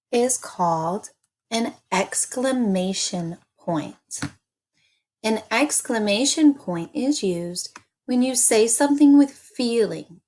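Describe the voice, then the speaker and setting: Woman teacher doing a kids reading lesson, super slow, chanting steps over and over. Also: mid-range voice, a little mellow. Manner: slow, deliberate, repeating chants for children. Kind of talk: early-grade reading lesson.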